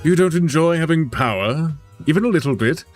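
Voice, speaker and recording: Guy playing a smooth power-hungry boss agent in a tabletop game, bossy and persuasive, lively pitch. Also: fairly quick, soft background music, lightly acted. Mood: commanding.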